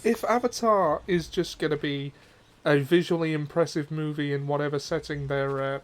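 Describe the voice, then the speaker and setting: A man's voice: a little high, moderate pace. A man chatting casually on a gaming stream, laughing easily and swearing offhand. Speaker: streamer co-host.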